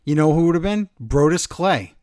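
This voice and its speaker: A man's voice: a little high, animated, normal speed, darkish tone, no room sound. A man co-hosting a wrestling podcast, giving dry, sarcastic reactions in casual chat. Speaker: podcast co-host.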